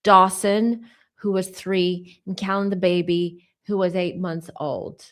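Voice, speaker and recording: A woman's voice: lowish voice, steady tone, slow pace. A woman giving a psychic tarot reading to camera, speaking conversationally with many asides, and saying openly that she is getting emotional. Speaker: tarot reader.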